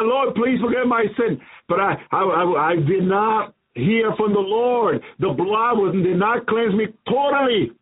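High-voiced man preaching over tinny radio. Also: slightly rough. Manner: impassioned, repetitive, pleading. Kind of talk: fervent sermon and prayer. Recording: tinny phone-like radio broadcast.

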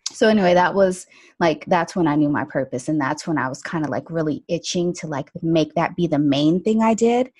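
Her voice sits low, husky and a little mellow, moving a little fast with no room sound. The esthetician and energy healer chats casually through her stories, packing them with fillers like "like" and "you know."

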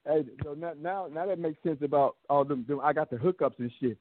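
A man's voice: fairly high pitch, a little fast, slight background noise. A man with a Bay Area accent in casual chat, telling stories animatedly, laughing often and swearing freely. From San Francisco Bay Area. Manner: animated storyteller, laughs a lot, profane. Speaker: round table guest. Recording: tinny phone-line sound.

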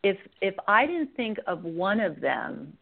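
A woman's voice: medium pitch, big pitch swings, unhurried, vocal fry. A middle-aged woman, a guest author, tells her personal story in a candid, rambling way with many fillers and restarts over a phone line. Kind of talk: personal storytelling in a podcast interview.

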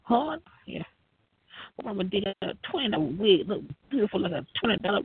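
A man with a raspy, gravelly voice, rambling and swearing in a loose monologue. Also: high voice, lively intonation, fairly quick. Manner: profane, rambling, laughs often. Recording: tinny phone-like line, dry.

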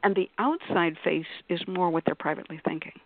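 A woman's voice: on the low side, brisk, dry recording. A woman talks through a point on a radio panel in a loose, conversational manner, slipping into little acted quotes as she goes. Her voice comes through a narrow, tinny phone-like line. The sound is dry, with no room around it. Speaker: panelist on a call-in radio show. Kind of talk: explaining on a radio discussion panel.

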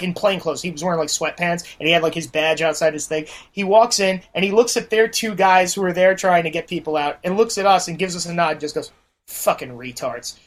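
A man, a podcast guest, telling a profane story in casual talk and acting out the voices of the people in it. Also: sits high. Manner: animated, acts out quoted voices.

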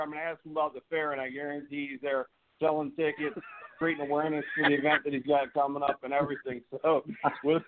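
A man with a Southern accent hosting a casual talk radio show, chatty and repeating himself as he talks. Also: a little high. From American South. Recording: tinny phone-like sound.

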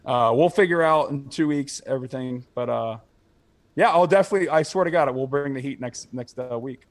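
Storytelling in laid-back chat, a young podcast co-host swears freely, laughs, and voices the lines of the people he's quoting. He speaks at a fairly quick pace with a medium pitch.

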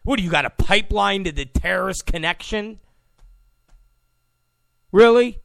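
Animated, gravelly-voiced male commentator. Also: high voice, moderate pace, no room sound, studio quality. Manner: mocking, acts out quoted people in put-on voices. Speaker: political commentator. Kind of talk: opinion monologue.

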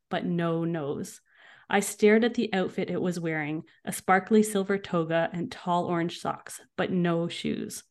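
Brief: woman reading a storybook aloud with expression, slightly low voice. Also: a little mellow. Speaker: guest author.

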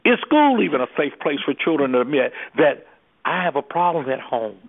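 A man's voice: on the high side, very animated, moderate pace. A man who works as an anger management specialist, speaking with preacher-like fervor and throwing out rhetorical questions. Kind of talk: impassioned talk on a call-in discussion. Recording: tinny phone line.

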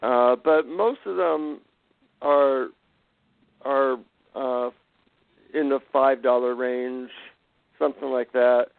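A male psychotherapist and author telling an animated anecdote as an interview guest. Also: mid-range voice, takes it slowly, creaky, pauses often, no echo. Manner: animated, self-deprecating anecdotes. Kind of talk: conversational storytelling. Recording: dry, tinny phone-line sound.

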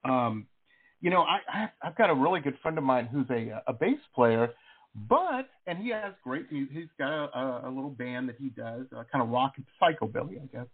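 A man's voice: medium pitch, lively intonation, moderate pace, slightly rough. A man hosting a casual radio talk show interview, enthusiastic and rambling with lots of fillers. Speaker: host. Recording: phone-like radio talk line.

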